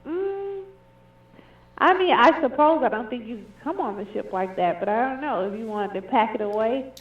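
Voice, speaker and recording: A woman's voice: fairly high pitch, expressive, a little fast. A woman working as a cruise booking agent, polite and businesslike on a customer service call. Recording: tinny echoey phone line.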